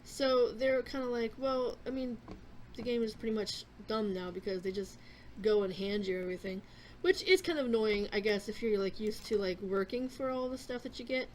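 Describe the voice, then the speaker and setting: A young adult woman talks casually on her gaming channel, her voice a touch high. She rambles and restarts her sentences, with lots of fillers. A faint hiss of noise sits behind her. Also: normal speed, darkish tone. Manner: chewing a cough drop. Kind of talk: casual gaming vlog chat.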